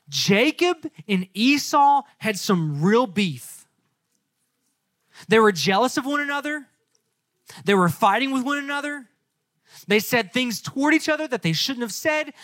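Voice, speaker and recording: Young male youth pastor, high voice, dry close sound, animated storytelling sermon. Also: no echo. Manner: lively storytelling, acts out characters in casual slang.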